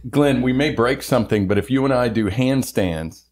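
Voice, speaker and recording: A man's voice: mid-range voice, normal speed. Podcast guy cracking jokes, rambly, laughs constantly. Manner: jokey, rambling, laughs a lot. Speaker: podcast co-host. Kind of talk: casual chat.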